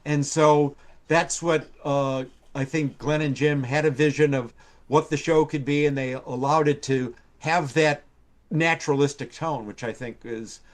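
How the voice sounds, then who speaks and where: Older man, rambling anecdotes, slightly high voice, lots of ums, acts out voices. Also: steady tone, measured pace. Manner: rambling storyteller with many fillers, acts out quoted voices. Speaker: TV writer and producer guest. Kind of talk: casual anecdote telling. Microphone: live stream call.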